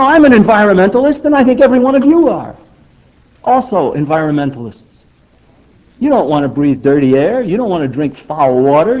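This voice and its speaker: An older man giving a public lecture in an emphatic, rhetorical manner, often asking the audience for agreement. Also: high voice. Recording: dull lo-fi recording.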